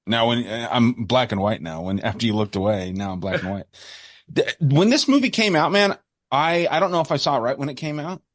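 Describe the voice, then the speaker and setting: A man's voice: medium pitch, brisk, dry recording, clean studio sound. An American man co-hosting a podcast, talking in an enthusiastic, rambling way. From United States. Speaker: podcast co-host. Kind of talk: casual podcast chat.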